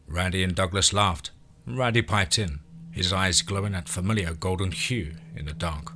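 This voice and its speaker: A man narrating an audio story in a measured, steady storytelling voice. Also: low voice, slight background noise.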